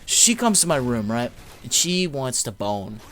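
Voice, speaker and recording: A man's voice: medium pitch, big pitch swings, a little slow, fairly bright tone. A young man, a gaming YouTuber, casually telling a story with lots of swearing, fillers and rambling asides. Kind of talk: casual storytelling over gameplay.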